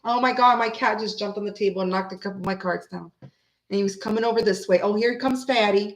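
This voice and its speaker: A woman hosting a tarot reading from home, chatting casually and rambling, who breaks into snippets of old songs and talks softly to her cat. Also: mid-range voice, fast, slight background noise. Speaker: tarot reader and channel host. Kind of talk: casual chat on a live reading.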